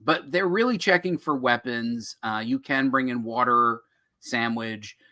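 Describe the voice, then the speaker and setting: Bright, jokey middle-aged man. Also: mid-range voice, measured pace. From New Jersey. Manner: jokey, animated storytelling. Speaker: co-host of a comics podcast. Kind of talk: casual chat.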